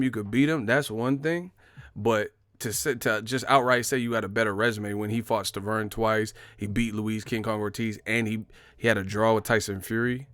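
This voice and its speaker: Man, casual boxing talk, animated storyteller, dry close sound. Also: fairly low pitch, dry recording. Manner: animated storytelling, acts out quotes, laughs often. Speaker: boxing commentary host.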